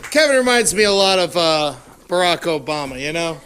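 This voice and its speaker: A man's voice: a little high, expressive, fairly quick, noisy background. A man roasting friends on stage and introducing the next act, teasing and playful. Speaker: roast comic and emcee. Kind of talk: stand-up roast set.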